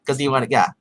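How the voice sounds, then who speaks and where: Casual male podcaster, bright tone, rambly recap full of "you know" and quick voiced-out quotes. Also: mid-range voice, dry recording, rough recording. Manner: rambling, filler-heavy, acts out characters' lines in animated bursts. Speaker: podcast co-host recapping a TV episode. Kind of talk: casual chat.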